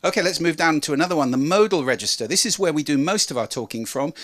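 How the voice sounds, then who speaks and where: Animated man giving a voice talk. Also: fast, few pauses. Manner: lively, demonstrative, varies pitch and volume to show a point. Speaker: speaker on voice and communication. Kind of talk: presenting a talk to an audience.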